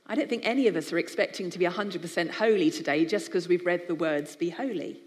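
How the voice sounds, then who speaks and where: A woman's voice: lowish voice, fast. Woman, from the UK, conversational sermon, live audience, long hall reverb. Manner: warm conversational preaching with acted-out voices. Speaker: speaker for a biblical counselling charity.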